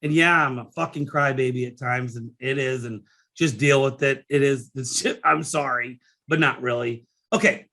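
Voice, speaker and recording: A man's voice: mid-range voice, moderate pace, pushed and bright. A middle-aged man hosting his own podcast, talking in a rambling, emotional way, with many restarts and fillers and some casual swearing. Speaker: podcast host and business coach. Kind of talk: casual solo podcast monologue.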